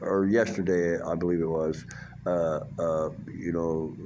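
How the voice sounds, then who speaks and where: A man's voice: low-pitched, level tone, measured pace, dark tone, a little hiss or hum. An older man talks in a rambling, profane vlog monologue, full of fillers and restarts. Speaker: vlogger.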